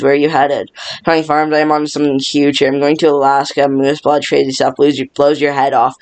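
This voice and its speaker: A man reading a film script aloud by himself, rushing and stumbling through every part. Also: fairly high pitch, clear, resonant tone. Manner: rushed, stumbling reading with little change between parts. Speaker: script reader.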